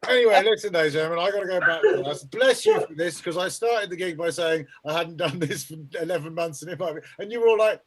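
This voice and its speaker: A man's voice: sits high, lively intonation, normal speed, pauses often, rough recording. A man in his fifties doing a stand-up comedy set, sweary and self-mocking with rambling asides. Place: online lockdown gig, from home. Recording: loud audience laughter behind.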